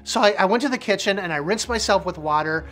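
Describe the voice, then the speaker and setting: A man's voice: sits high, lively intonation, fast, fairly bright tone, faint music behind. A middle-aged man, a minister, sharing a personal testimony with vivid, emphatic repetition.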